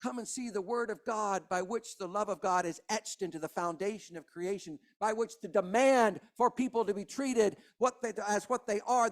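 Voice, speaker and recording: A man, preaching a sermon as pastor, impassioned, with hushed passages and rising emphasis. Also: sits high. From Kentucky.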